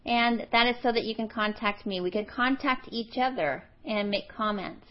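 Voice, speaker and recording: A middle-aged woman teaching a women's Bible study, earnest and slowing down to stress her key questions. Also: on the high side, highs cut off.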